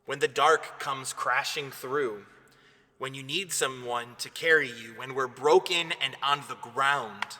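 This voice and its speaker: Man, priest, devotional reflection, earnest and measured, very bright tense voice, long hall reverb. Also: mid-range voice.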